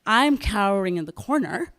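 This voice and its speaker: A woman's voice: mid-range voice, normal speed. Woman novelist telling a dramatic story. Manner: animated, dramatic storytelling with acted dialogue and laughs. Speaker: novelist speaking at a writers' event. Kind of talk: live storytelling talk.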